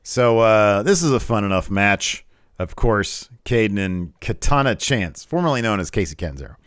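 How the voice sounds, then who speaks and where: In a clean studio with no room sound, a man with a lowish voice co-hosts a podcast at a moderate pace. Chatting casually, he recaps a wrestling show and animatedly acts out the quotes as he tells the story.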